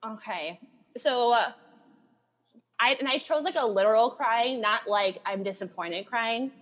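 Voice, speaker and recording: A woman's voice: on the high side, unhurried, a bit bright. A woman co-hosting a book podcast, chatting with enthusiasm and frequent giggles. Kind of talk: casual book chat.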